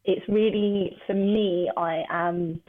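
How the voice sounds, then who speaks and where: A woman's voice: medium pitch, steady tone, slow. Tinny-sounding chatty woman. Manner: chatty, laughs often. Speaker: veterinary nurse. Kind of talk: casual interview answers. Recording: tinny phone-like line.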